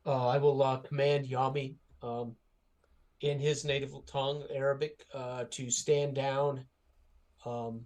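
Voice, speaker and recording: Guy playing a tabletop game, slow and kinda monotone, lots of uhs. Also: mid-range voice. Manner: hesitant, many uhs. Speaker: player. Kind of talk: giving his character's actions in a tabletop game.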